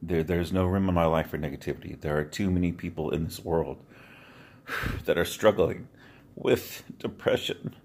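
A motivational video creator speaks straight to his viewers in an earnest, heartfelt vlog monologue, his voice low, steady and a little mellow. He often pauses with sighs and repeats words while searching for them.

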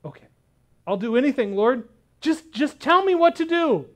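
A man voicing a desperate man dangling from a cliff, shouting frantic pleas for help. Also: sits high, animated, moderate pace, breathy edge. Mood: desperate pleading.

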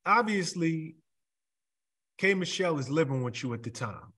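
A man's voice: fairly high pitch, expressive, moderate pace, a bit bright, breathy edge. A man hosting an interview, asking brief, prompting questions. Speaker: interview host.

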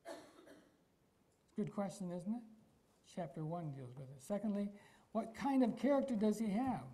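Male pastor from Iowa, relaxed warm sermon delivery, quizzes the pews. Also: high-pitched, a little slow, poor audio. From Iowa, United States. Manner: emphatic, asks the congregation rhetorical questions.

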